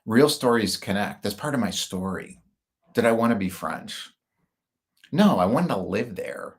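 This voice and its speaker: A man's voice: fairly low pitch, animated, unhurried. A middle-aged man from the United States rambling through personal stories with wry asides, in casual monologue style. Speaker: speaker.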